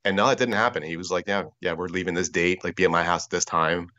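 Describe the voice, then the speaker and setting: A man as a podcast guest, telling a story in a casual, animated way, swearing freely and acting out what others said, heard over a video call. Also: sits low, quick pace, no room sound, dull audio. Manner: animated, excitable, swears freely, acts out quotes.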